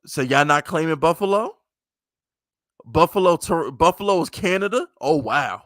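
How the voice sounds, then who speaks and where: A man hosting a casual livestream sports chat, animated and profane, laughing often. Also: fairly high pitch, moderate pace, no room sound. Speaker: podcast host.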